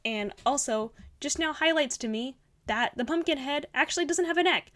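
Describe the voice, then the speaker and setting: Young female art vlogger, bubbly and rambling, slightly high voice, casual critique delivery. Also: moderate pace, a bit bright. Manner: bubbly, gushing, rambling with fillers. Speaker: art channel host.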